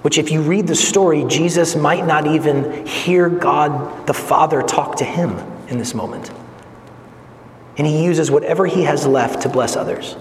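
A man preaches with earnest conviction, his voice sitting a little high and swelling to emphatic peaks before sinking low and quiet. The sound is roomy, with a long reverb tail and a faint hiss beneath it. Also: measured pace. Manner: gestures while speaking. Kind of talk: sermon. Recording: echoey hall with long reverb, faint noise.

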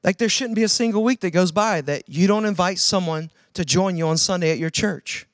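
A man preaching a sermon, calling on the audience to answer and swinging between loud urging and hushed emphasis. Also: high-pitched, a little fast, dry recording, studio quality. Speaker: pastor.

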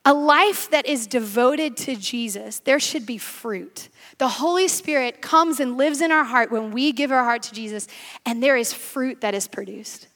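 A woman preaching a sermon, telling stories in quick, animated bursts. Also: fairly high pitch. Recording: reverberant hall.

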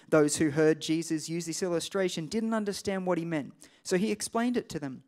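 A man preaching a sermon in a relaxed, conversational way, reading scripture aloud between his own remarks. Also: on the high side, fairly quick, few pauses. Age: adult parent. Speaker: pastor.

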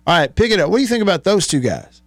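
This man has a high, sing-song voice and talks very fast on a dry recording. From a radio studio he hosts casual sports-talk radio, laughing a lot, chatting freely, and working in sponsor reads.

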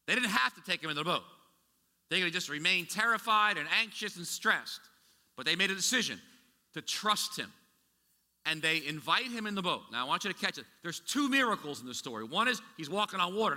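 A man's voice: sits high, sharp tone, big-room sound. A man preaching a sermon as a pastor, talking conversationally with rhetorical questions and frequent restarts.

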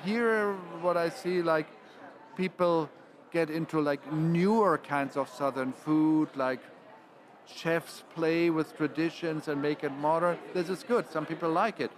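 A man's voice: on the high side, a little slow. A man, speaking as a panel guest and often restarting his phrases. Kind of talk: panel discussion.

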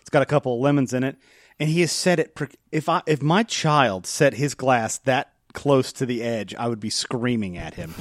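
A chatty man talking through a film with friends, joking and laughing as he goes. His voice sits at an ordinary pitch and is recorded dry and close, with no room sound. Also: normal speed, dry recording. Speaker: podcast co-host. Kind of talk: casual chat.

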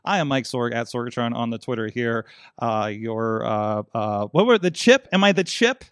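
Lively, jokey male podcast host. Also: medium pitch, normal speed, smooth, no room sound, clean studio sound. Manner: jokey, rambling, laughs often. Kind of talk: casual chat.

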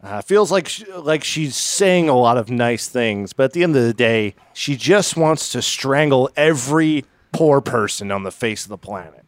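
A man co-hosting a podcast, making deadpan, mock-offended quips in casual banter. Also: medium pitch, normal speed, hardly any pauses, no room sound. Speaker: podcast co-host.

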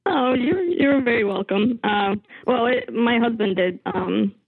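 A woman's voice: on the high side, a little slow, creaky, husky, no echo. Woman with a Bulgarian accent on a phone line. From Bulgaria and Russia. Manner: hesitant, many ums, laughs nervously. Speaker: caller. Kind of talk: phone call into a podcast. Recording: tinny phone line, dry.

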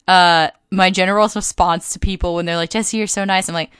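Rambling, bright-voiced woman podcaster. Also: lowish voice, fairly even intonation, brisk, clean tone, dry recording. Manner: rambling, filler-heavy. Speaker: podcast co-host. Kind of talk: casual podcast chat.

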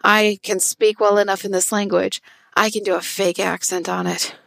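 A woman co-hosting a tabletop game podcast in casual chat, animated and joking, swearing freely. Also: medium pitch, normal speed, vocal fry, dry recording. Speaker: podcast player and co-host.

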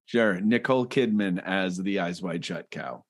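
A man's voice: low voice, a little slow. A man co-hosting a comedy podcast over a call, sarcastically describing comic strip panels with frequent restarts. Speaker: podcast co-host. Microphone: remote call.

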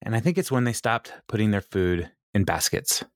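A man co-hosting a podcast, recapping a sitcom in a relaxed chat, laughing often and quoting characters in animated voices. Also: on the low side, moderate pace, dry recording, studio quality. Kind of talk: casual chat.

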